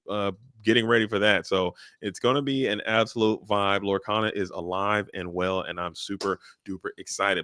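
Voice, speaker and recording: A man's voice: fairly low pitch, bright, forceful tone, no room sound. A man co-hosting a game tournament livestream, talking up upcoming events with upbeat hype and catchphrases. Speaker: tournament stream co-host. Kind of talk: casual livestream commentary.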